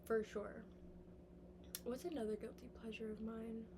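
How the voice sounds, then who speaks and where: A young woman musing aloud in a casual, rambling vlog monologue, sometimes sliding into soft whispers. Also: a little high, level tone, a little slow, background noise. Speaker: vlogger. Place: indoors, sitting on the floor.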